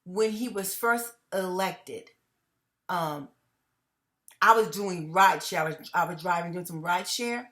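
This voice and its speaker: A woman's voice: on the low side, a little slow, a bit bright. A middle-aged woman hosting her own commentary channel, talking to viewers in an emphatic way that repeats phrases and breaks into laughs between points.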